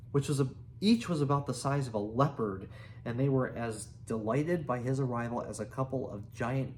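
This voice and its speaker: A man reading a children's book aloud, unhurried, with restarts and small asides. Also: mid-range voice, darkish tone, a little hiss or hum. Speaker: reader.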